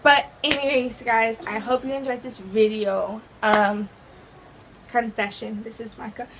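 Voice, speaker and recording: A woman's voice: fairly high pitch, steady tone, unhurried, noisy background. A teenage girl vlogger telling a dramatic storytime, acting out the quoted voices. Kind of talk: casual storytime vlog.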